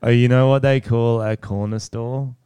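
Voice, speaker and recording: A man's voice: medium pitch, fairly even intonation, moderate pace, dark tone, smooth, no echo. A man co-hosting a podcast, joking, swearing and laughing often in casual chat. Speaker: podcast co-host.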